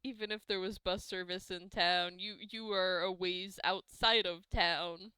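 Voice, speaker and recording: Bright, unhurried woman game master. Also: on the low side, steady tone, clean tone, no echo. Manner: laughs often, folksy teasing. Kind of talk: narrating a tabletop game.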